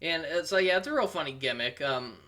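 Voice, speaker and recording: A man's voice: fairly high pitch, lively intonation, fairly quick, sharp tone. Amused, rambling young man reviewing. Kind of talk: casual commentary.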